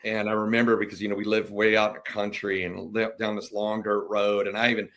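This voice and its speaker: Male, middle-aged, podcast guest, low-pitched, animated storytelling, acts out voices. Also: fairly quick. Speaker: podcast guest, Marine veteran. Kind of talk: casual storytelling interview.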